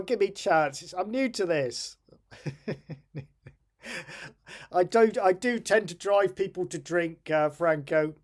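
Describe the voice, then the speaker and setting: A middle-aged man streaming live, who talks through his computer troubles, swears in frustration and laughs at himself. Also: on the high side. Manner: exasperated, self-deprecating, swears and laughs at himself. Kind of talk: live-stream chat while programming.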